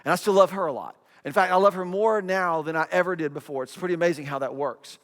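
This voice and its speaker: A man's voice: high-pitched, quick pace, long reverb tail. A middle-aged man preaching a sermon in a conversational way, repeating phrases and acting out quotes. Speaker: pastor.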